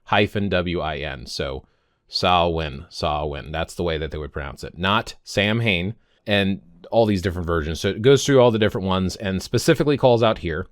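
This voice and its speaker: Deep-voiced man in his fifties vlogging. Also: lively intonation, brisk, few pauses, no room sound, studio quality. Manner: rambling, self-correcting, stumbles on words. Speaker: pagan vlogger. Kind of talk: casual explanatory vlog.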